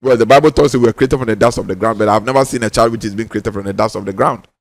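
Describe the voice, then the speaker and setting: A man's voice: on the low side, no echo. A man with a Ghanaian accent gives a spiritual teaching talk, emphatic and insistent, repeating his key lines for stress. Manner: insistent, drawn-out stressed words.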